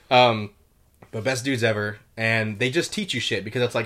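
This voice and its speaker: A man's voice: medium pitch, steady tone, moderate pace, a bit bright. A young man and former Marine, chatting casually as a podcast guest, rambling through stories with lots of fillers and swearing. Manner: swears a lot, rambling storytelling with many fillers.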